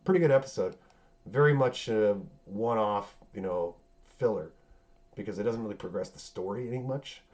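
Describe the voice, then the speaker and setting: A man recaps a TV series on his podcast in a loose, rambling chat full of swearing and fillers. His voice is fairly low with a darkish tone and normal speed, and the recording sounds dull and lo-fi.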